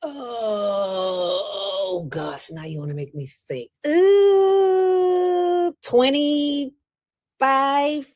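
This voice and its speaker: A woman with a fairly low voice that swings widely in pitch, talking as an interview guest. She is playful and preachy and often leaps upward for emphasis. The sound is dry and close, with no room. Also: slow, hardly any pauses, no room sound. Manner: animated, playful, preachy, with sudden jumps in pitch. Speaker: interview guest, nonprofit founder. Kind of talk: casual interview talk.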